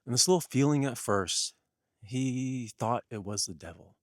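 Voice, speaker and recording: A man's voice: medium pitch, expressive, normal speed, no room sound, studio quality. A man giving an earnest spiritual teaching, stressing points through repeated lists. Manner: earnest, repetitive, emphatic listing.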